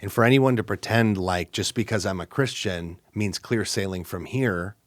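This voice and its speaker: Podcast guy, middle voice, super dry close mic, earnest and slow-ish, bit wry. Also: fairly low pitch, dry recording. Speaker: podcast co-host. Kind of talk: casual faith podcast chat.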